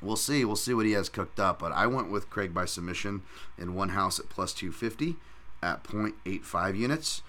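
A man's voice: low-pitched, lively intonation, moderate pace, sharp tone. A man hosting a podcast, breaking down fights and bets in a casual, profane, heated ranting style. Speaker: podcast host. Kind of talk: casual sports-betting breakdown.

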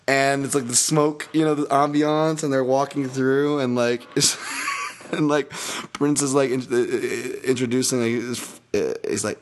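A man hosting a solo podcast, breaking down upcoming fights in a rambling, animated and profane way. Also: mid-range voice, moderate pace. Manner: animated, rambling, profane, laughs at own bits. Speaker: MMA fight analyst podcast host.

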